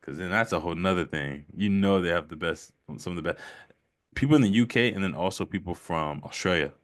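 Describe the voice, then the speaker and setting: A man's voice: sits low, brisk, no room sound, studio quality. A man hosting a casual live stream chat while painting, laid-back, laughing often and repeating himself. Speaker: livestream host.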